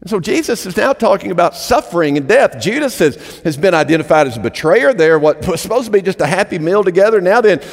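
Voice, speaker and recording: Animated preacher in an echoing church. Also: male voice, high-pitched, fast, vocal fry, few pauses. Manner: emphatic, animated preaching with repeated phrases. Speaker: pastor. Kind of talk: sermon. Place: church sanctuary. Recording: long hall reverb.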